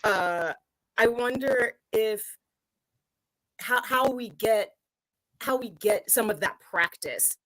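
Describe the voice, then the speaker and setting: A woman hosting a casual chat about improv, conversational and putting on much higher voices for quotes. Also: slow pace, long pauses, fairly bright tone, no room sound, poor audio. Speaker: podcast host.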